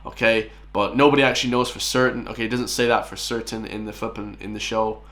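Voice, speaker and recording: A man's voice: on the low side, steady tone, fast, a bit bright. Scornful twenty-something man ranting. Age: 20s. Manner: combative, scornful, addresses viewers as lads and guys. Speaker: reaction commentator. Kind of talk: ranting reaction commentary.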